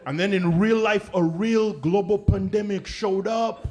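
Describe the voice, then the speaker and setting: A man from Africa performing stand-up comedy, animated and acting out the people he describes. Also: high-pitched, measured pace, faint music behind.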